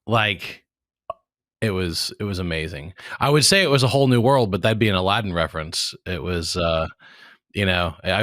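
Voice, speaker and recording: A man's voice: sits low, bright, forceful tone, no echo, clean studio sound. A man in his forties hosting a podcast in casual chat, rambling and jokey and often restarting his words. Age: 40s. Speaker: podcast host.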